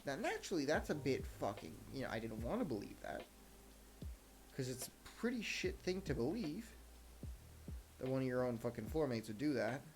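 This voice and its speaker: A man's voice: medium pitch, big pitch swings, normal speed, a little hiss or hum. Profane ranting young man. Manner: heated, profane storytelling. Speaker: podcast host. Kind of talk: solo podcast rant.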